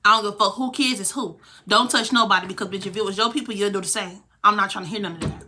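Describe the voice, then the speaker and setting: A woman's voice: medium pitch, fast, sharp tone, slight background noise. A young woman vlogger telling a heated, profane story from her own life. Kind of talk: storytime vlog.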